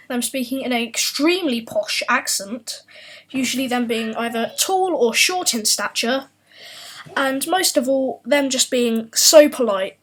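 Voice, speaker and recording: A woman's voice: on the high side, a bit bright, rough recording. A woman hosting a comedic culture explainer, delivering a scripted script in a wry, self-mocking tone. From United Kingdom. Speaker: host.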